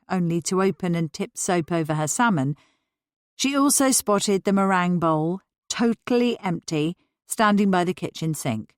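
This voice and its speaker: A woman narrating a novel as an audiobook in an even, measured way. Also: medium pitch, no room sound, studio quality. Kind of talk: scripted narration.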